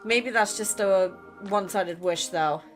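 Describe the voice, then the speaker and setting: A woman voicing a guarded, teasing young male grim reaper from a romance game, speaking low and grudgingly. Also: a little slow, faint music behind, natural voice. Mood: tender.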